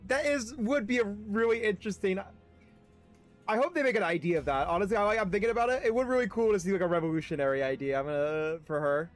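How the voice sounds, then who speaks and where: A young man chats on a gaming stream in a high, loose voice, cursing and laughing between dialogue read-throughs. Game music plays faintly under him. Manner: profane, laughing, chatty. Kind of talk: casual gaming stream, reading dialogue aloud.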